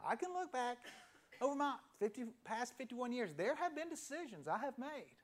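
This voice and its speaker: A man in his fifties preaching a sermon as a pastor, telling a story in a conversational way and letting key phrases sink to a hushed near-whisper after pauses. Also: very high-pitched, very animated, a little hiss or hum. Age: 50s.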